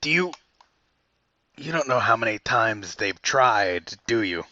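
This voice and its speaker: A man's voice: fairly low pitch, expressive, slow pace, sharp tone, no room sound, dull audio, exaggerated voice. A man playing a weary, fed-up town guard. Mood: exasperated. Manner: dry, fed-up and blunt.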